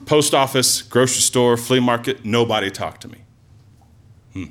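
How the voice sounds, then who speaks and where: A man telling a personal story live to an audience, in an animated, conversational way with lots of asides and fillers. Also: medium pitch, normal speed. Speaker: storyteller, former teacher.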